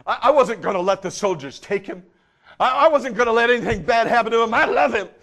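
A male preacher voicing a disciple who cries out in high, strained anguish over his own failure. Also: fast talker, vocal fry, heavily acted. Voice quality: high, strained, near shouting.

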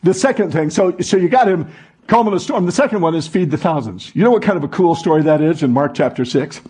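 A man's voice: a little high, animated, fast, darkish tone, breathy edge. A man preaching a sermon to a congregation, asking the room call-and-response questions. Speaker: pastor.

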